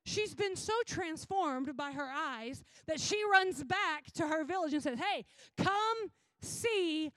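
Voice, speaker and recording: High-voiced woman preacher, dry sound. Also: a little slow, hardly any pauses, dry recording. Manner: animated, casual storytelling with slang. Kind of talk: sermon.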